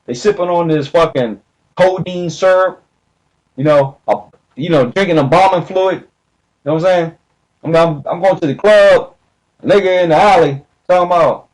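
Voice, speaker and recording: A man delivering a profane, emphatic ranting monologue, jumping between slow stressed words and rushed bursts. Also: on the high side, a little mellow, poor audio. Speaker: video commentator.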